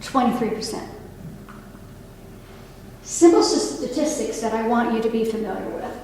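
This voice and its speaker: This nurse, aged over sixty-five, has a voice on the high side with a dark tone and speaks at normal speed. Earnest and engaging, she addresses a library meeting room audience with asides and questions, heard through a distant mic in an echoey hall with a little hiss or hum.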